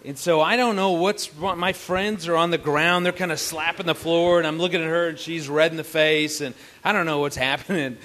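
A man's voice: on the high side, fairly even intonation, fairly quick, hardly any pauses, a bit bright. A man telling a funny story to an audience at a family camp, playful and teasing. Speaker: married couple's co-speaker at a family camp.

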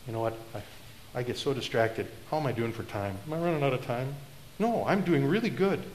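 Middle-aged male pastor preaching, mid-pitched voice, booming then hushed, roomy church sound. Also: fast, slight background noise. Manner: swings from loud declaring to low confiding asides. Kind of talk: sermon. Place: church sanctuary.

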